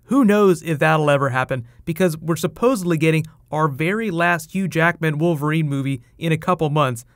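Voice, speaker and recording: A man talks through movie news in a chatty, enthusiastic commentary, tossing in quick asides. His voice sits fairly high, and the recording is close and dry with no room sound. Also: no room sound. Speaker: host.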